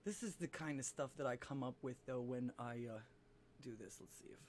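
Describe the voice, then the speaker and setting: A man's voice: mid-range voice, fairly quick, slight background noise. A man chatting casually and telling a dirty joke, rambling, laughing often and acting out the voices.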